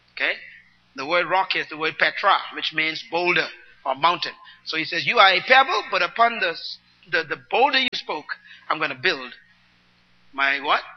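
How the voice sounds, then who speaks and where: A man preaching a teaching sermon, explaining scripture word by word and calling on the congregation to repeat after him. He swings between loud, emphatic bursts and soft asides. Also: fairly high pitch, lo-fi sound. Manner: teaching, asks the congregation to repeat and write words down.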